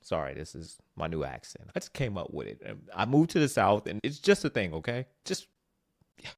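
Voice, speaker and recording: A man putting on a joking, low, laid-back mock Southern drawl as a bit in his video. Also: huge pitch swings, moderate pace, vocal fry, exaggerated voice.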